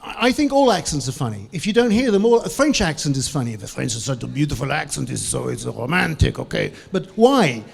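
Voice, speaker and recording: Male conference speaker, animated, slightly high voice, plenty of up and down in delivery. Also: a little fast, vocal fry, hardly any pauses, slightly rough. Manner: animated, varies tone and tempo. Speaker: conference speaker on English for Russians. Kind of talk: lively conference talk.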